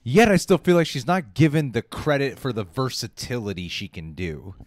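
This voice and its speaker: A man co-hosting a casual live-stream chat about movies, opinionated and animated, laughing often. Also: mid-range voice, moderate pace, dry recording. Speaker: co-host of a movie talk stream.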